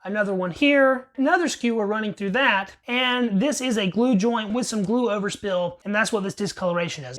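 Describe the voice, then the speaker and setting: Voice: mid-range voice, fairly bright tone. A rifle reviewer giving a wry, plain-spoken running commentary over a workbench teardown. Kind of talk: casual workbench narration.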